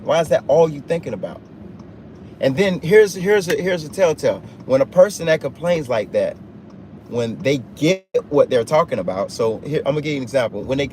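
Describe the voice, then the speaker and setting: A man livestreaming from inside a truck, preaching motivation in a steady mid-range voice. He hammers each point with repeated, emphatic lines. Road and engine noise hums clearly behind him on the phone recording. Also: medium pitch, fast talker. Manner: emphatic, repetitive preaching cadence. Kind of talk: off-the-cuff motivational talk. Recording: noisy vehicle cabin sound.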